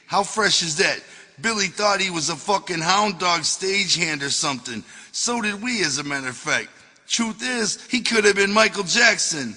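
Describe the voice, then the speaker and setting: A man's voice: sits high, lively intonation, moderate pace, bright, forceful tone, big-room sound, soft background music. A man reading his own memoir aloud as an audiobook, telling it in a profane, wisecracking way.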